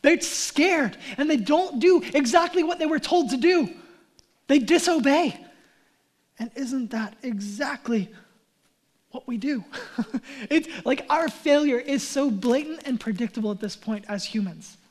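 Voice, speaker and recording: A male pastor preaching an Easter sermon, animated, acting out quoted lines and dropping to near whispers. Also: very high voice, a little slow.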